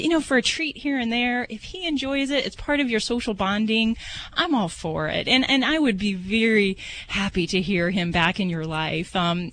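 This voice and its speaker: A woman hosting a radio advice show on pet birds, answering gently and reassuringly with frequent fillers. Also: mid-range voice, rough recording.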